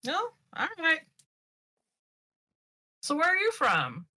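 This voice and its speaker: Slow, bright-voiced woman player. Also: sits high, huge pitch swings. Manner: amused, chatty in-character banter. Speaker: tabletop game player. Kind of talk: in-character roleplay.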